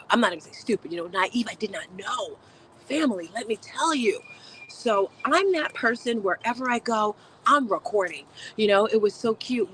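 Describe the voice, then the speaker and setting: A woman's voice: medium pitch, a bit bright, a little hiss or hum, rough recording. A woman hosting a motivational live stream, chatting upbeat and speaking straight to her viewers. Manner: upbeat, chatty, talks to chat. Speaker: host.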